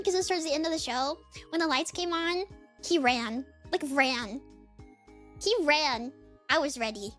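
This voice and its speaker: Young woman streaming, really high voice, chatty and animated, lots of likes and laughs, faint music behind. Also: unhurried. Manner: animated, laughs often, heavy use of "like". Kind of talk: casual livestream storytelling chat.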